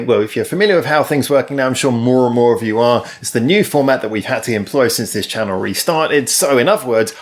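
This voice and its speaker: A man talking casually through a music review for his channel, at a mid-range pitch. He rambles, circles back on himself and fills pauses with ums and uhs as he gathers his thoughts. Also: fairly bright tone. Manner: rambling and chatty, full of ums and restarts.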